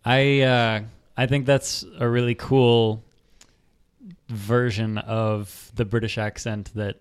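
A man hosting a relaxed podcast chat, talking slowly and thoughtfully. His voice is smooth and resonant, and he hedges with plenty of fillers and restarts. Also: mid-range voice. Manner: easygoing, hesitant with many fillers.

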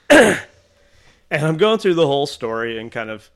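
A man telling a story from an art convention to his co-hosts. He is animated and playful, slipping into other people's voices and laughing along. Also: fairly high pitch, unhurried. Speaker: artist recounting a convention story. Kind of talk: casual podcast storytelling.

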